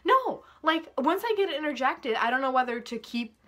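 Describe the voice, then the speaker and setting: Young woman, vlogger, bright tense voice, fairly high, swearing rant to camera. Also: big pitch swings, moderate pace. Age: young adult. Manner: profane, exasperated, rising to loud outbursts.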